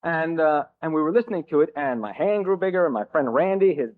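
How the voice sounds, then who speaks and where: Man from New Jersey with a slightly high voice, sharing his recovery story with a room in a halting, wisecracking way. Thin, phone-like tape. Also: animated. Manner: halting, self-mocking, joking. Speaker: speaker at a recovery meeting. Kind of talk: personal recovery story told to a crowd.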